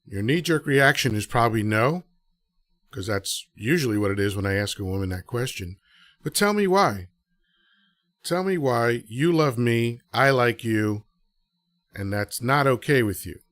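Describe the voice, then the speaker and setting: A man's voice: medium pitch, animated, measured pace, a bit bright, no room sound. A man hosting a live audio show, talking casually to listeners and throwing out rhetorical questions. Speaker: podcast host.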